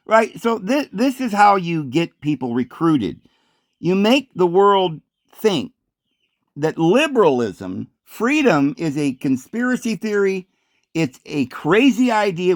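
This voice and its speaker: A man's voice: sits high, sing-song, unhurried, dry recording, studio quality. A man giving a sardonic, meandering video commentary.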